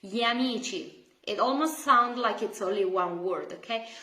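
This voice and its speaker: A woman's voice: mid-range voice, expressive, normal speed, sharp tone, roomy sound, low-quality recording. A woman with an Italian accent teaching a beginner language lesson, patiently repeating words to drill pronunciation.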